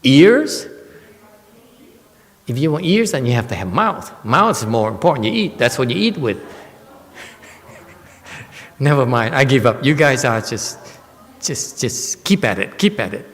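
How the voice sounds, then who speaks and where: A man's voice: medium pitch, very animated, unhurried, pauses often, fairly bright tone, in a large hall. A man teaching Buddhism in a Dharma lecture, often teasing and chuckling with his listeners. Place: temple hall.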